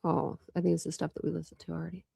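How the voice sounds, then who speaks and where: A woman's voice: lowish voice, monotone, rapid-fire, gravelly, dark tone, husky, no room sound. A woman hosting a true crime channel, talking casually to viewers and thinking aloud as she goes. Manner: rambling, thinks aloud with restarts.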